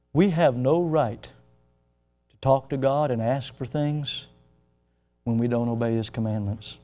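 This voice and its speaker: A man preaching a sermon in a slightly high voice. He climbs to loud, pressing questions and sinks low and quiet when he retells a story. Faint music plays behind him. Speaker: pastor.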